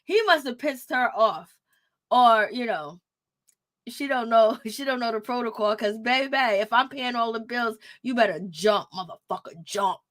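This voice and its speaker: High-voiced woman dishing casual gossip. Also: unhurried. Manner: animated, laughing, blunt and profane. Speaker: commentator on a reality show. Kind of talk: casual reaction commentary.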